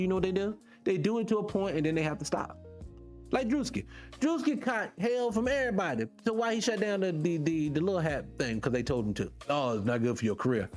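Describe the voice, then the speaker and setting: Male host, heated livestream rant, swears freely, very lively pitch, faint music underneath. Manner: fired-up, profane, talks to viewers directly. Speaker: show host.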